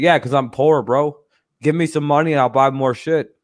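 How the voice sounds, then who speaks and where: A man's voice: a little high, fairly even intonation, moderate pace, dry recording, studio quality. A man hosting a casual livestream, rambling loosely and swearing freely, with frequent laughs. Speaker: streamer host.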